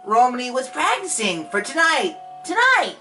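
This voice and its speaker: A man's voice: extremely high pitch, wildly swooping pitch, measured pace, sharp tone, soft background music, pitched above the performer's own voice, exaggerated voice. A man voicing a cheerful, innocent young ranch girl, reading game dialogue in a sing-song way. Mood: chirpy.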